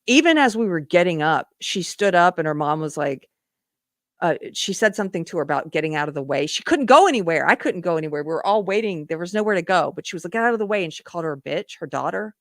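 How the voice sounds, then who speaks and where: A woman host speaking in an earnest, conversational manner, often doubling back and restarting her sentences. Her voice sits a little low. The sound is close and dry, with no room echo. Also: lively intonation, fast talker. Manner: earnest storytelling, lots of restarts. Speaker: podcast host. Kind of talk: casual live-stream monologue.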